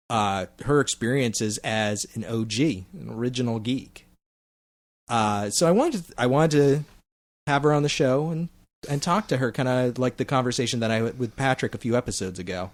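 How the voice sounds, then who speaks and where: A man hosting a casual comics podcast, teasing his co-host and pausing often with fillers. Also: mid-range voice. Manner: playful, halting with many fillers. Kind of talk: casual roundtable chat.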